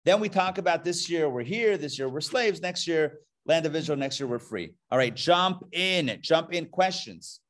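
A male rabbi teaches a live, interactive lesson in a classroom before an audience, joking and inviting questions from the room. His voice is on the high side and a bit bright, and he speaks animatedly at a moderate pace with hardly any pauses.

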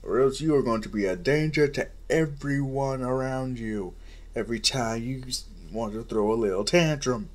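A man's voice: mid-range voice, normal speed, close to an everyday voice. A man voicing a stern older male superhero mentor in a fan story, scolding and blunt.

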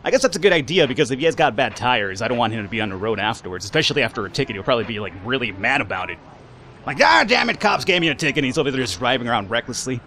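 Lively chatty man playing a game. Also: medium pitch, very fast, a little hiss or hum. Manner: chatty, animated, reads game lines aloud. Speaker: let's play gamer. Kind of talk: casual gameplay commentary.

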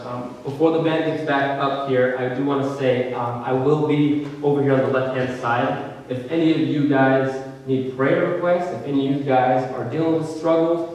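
A man's voice: mid-range voice, fairly even intonation, normal speed, a little mellow. A young man from California giving an earnest, conversational sermon to students, with many fillers. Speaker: student speaker. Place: large hall. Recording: distant, very echoey hall.

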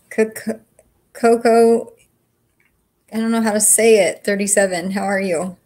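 Woman host, casual livestream banter, blunt and sweary, mid-pitched voice. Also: steady tone, measured pace, pauses often, a little mellow. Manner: chatty, frank, swears freely. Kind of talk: casual livestream chat with viewers.

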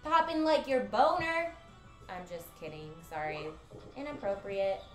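A woman streaming a game with casual commentary, excitable and giggly, breaking into loud squeals. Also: medium pitch, measured pace, roomy sound, soft background music.

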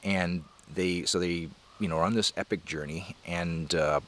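A man's voice: sits low, steady tone, moderate pace, a bit bright. A man talking casually to camera about a book, rambling and enthusiastic with many fillers. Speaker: comics creator discussing a book. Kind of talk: casual vlog talk. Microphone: camera mic.

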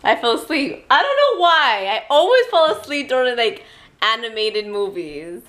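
Animated chatty young mom vlogging. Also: female voice, a little high, normal speed. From New York. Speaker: daily vlogger. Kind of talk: casual family vlog chat. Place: home, indoors.

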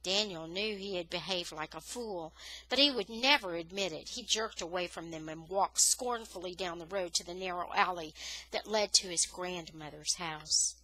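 Bright-voiced woman reading a novel aloud. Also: on the low side, normal speed, no room sound, rough recording. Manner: expressive storytelling, rising on dramatic words. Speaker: audiobook reader.

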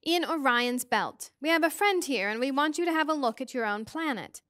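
A woman's voice: high voice, lively intonation, moderate pace, fairly bright tone, dry recording, clean studio sound. A woman voicing a kindly, motherly otherworldly old woman who reassures the children cheerfully.

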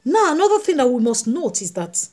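Emphatic woman evangelist, raised pitch. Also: big pitch swings, a little fast, darkish tone, faint music behind. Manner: emphatic, repeats phrases, addresses the congregation directly. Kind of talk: sermon.

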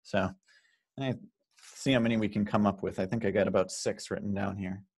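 A man with a somewhat low voice leads a church Bible study. He talks in an easy, conversational way, reading out questions from the group and coaxing them to answer. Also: steady tone, brisk, breathy edge. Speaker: pastor leading Bible study. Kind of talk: informal Bible study teaching.

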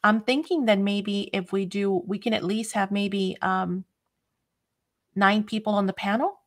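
A woman's voice: mid-range voice, fairly even intonation, a little slow. A woman hosting a casual craft livestream, chatty and a bit scattered, often laughing. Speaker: craft channel host.

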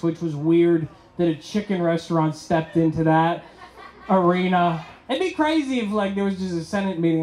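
A man performs stand-up on a club stage, telling stories and slipping into acted-out lines. His voice sits high for a man. Faint live-room noise runs under him. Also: a little mellow, reverberant, rough recording. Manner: storytelling with acted-out dialogue. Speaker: stand-up comedian. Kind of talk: stand-up comedy set.

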